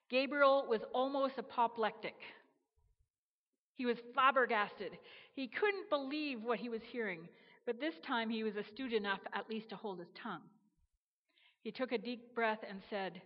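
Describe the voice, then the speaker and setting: A woman reads a story aloud in an expressive narrator's voice that sits a little high. The sound is dull and muffled. A long echo hangs after each phrase. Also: measured pace.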